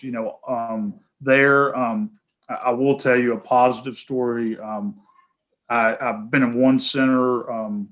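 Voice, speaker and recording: A man with a Tennessee Southern accent, a guest speaker taking questions over a video call in an earnest, halting way. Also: medium pitch, a bit bright. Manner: many fillers and restarts, earnest. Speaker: guest speaker, healthcare association head.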